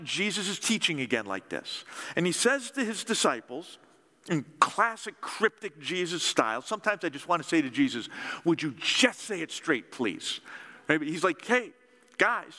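A man preaching with a bright, ringing voice that swings widely up and down as he acts out the story. His words carry a long reverb, as from a big church hall. He pulls the congregation in with call-and-response. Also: on the high side. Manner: animated storytelling, acting out dialogue with audience call-and-response. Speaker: pastor. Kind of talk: sermon.

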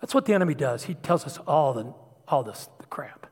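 A middle-aged male pastor shares a raw, confessional story from the pulpit, his voice slightly husky and a touch higher than most men's. He sinks to near-whispers and then swells louder as emotion takes him. The sound rings with a long reverb from a large church hall. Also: very animated, brisk. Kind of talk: personal testimony sermon.

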